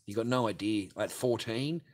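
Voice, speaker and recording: A man's voice: on the low side, normal speed. Profane man ranting on a livestream. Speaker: livestream host reading superchats. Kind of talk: crude casual livestream rant.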